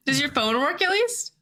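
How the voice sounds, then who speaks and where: Woman streamer, home setup, bright ringing tone, giggly rambling chatter. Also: high-pitched. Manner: giggly, rambling with many fillers. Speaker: streamer and host. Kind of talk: casual live-stream chat.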